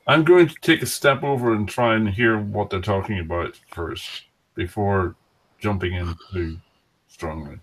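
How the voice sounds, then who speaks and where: A man's voice: fairly low pitch, a little slow, a bit bright, slightly rough. Sly man playing a tabletop game. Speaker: player. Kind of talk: casual tabletop play.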